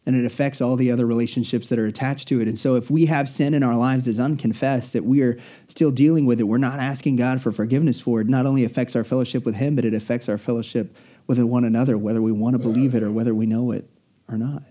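A male preacher delivering a sermon in an earnest, storytelling style. His voice is very dark and mellow, and he drags out important phrases for weight. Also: mid-range voice, steady tone. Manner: earnest, storytelling, slows down for emphasis.

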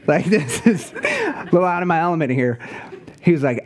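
Pastor, male, light higher voice, chatty humorous sermon storyteller. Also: huge pitch swings, fairly quick, long pauses.

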